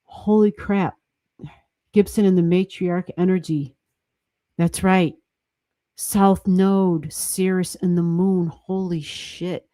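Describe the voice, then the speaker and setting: Chatty, excitable woman livestream host. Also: on the low side, slow pace, long pauses, no echo. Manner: chatty and excitable, swears casually, laughs often. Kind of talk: casual livestream chat.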